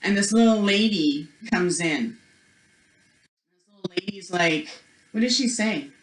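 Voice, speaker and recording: A woman's voice: mid-range voice, unhurried. Woman telling her own story at a spiritual workshop, chatty, lots of "like", does little voices for people, echoey room. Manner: chatty, full of "like" and "you know". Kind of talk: personal storytelling.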